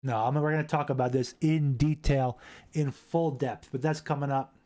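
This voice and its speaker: A man hosting a casual live stream, rambling, repeating himself and reading chat aloud into a boom-arm desk mic. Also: steady tone, normal speed, darkish tone.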